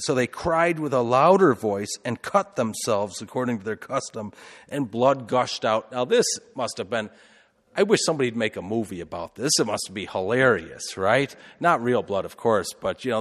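A male priest retells a scripture story in a sermon, with chatty asides and frequent rhetorical questions. His voice sits at an everyday middle pitch. The sound carries a long reverb, as in a church.

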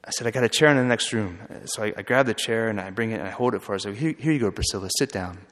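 A man who is a friar, telling a story in an earnest, halting way with frequent restarts. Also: lowish voice, a bit bright. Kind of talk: storytelling talk. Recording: long hall reverb.

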